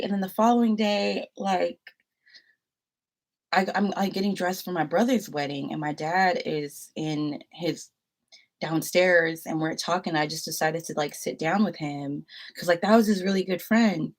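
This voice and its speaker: Young woman vlogging, chatty and rambly, says like a lot, lowish voice. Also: normal speed. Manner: animated, rambling, full of "like". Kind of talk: casual storytelling to camera.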